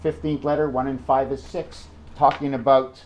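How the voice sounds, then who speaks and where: A man in a rambling monologue, jumping excitedly between numbers and firing off rhetorical questions. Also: moderate pace, lo-fi sound. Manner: wide swings in pitch and loudness. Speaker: numerology video maker.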